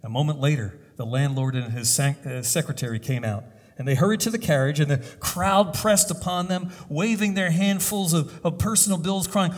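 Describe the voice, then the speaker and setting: Husky preacher telling a story in a hall. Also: male voice, a little high. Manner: deliberate, with pauses and hesitations. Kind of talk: sermon storytelling. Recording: long hall reverb.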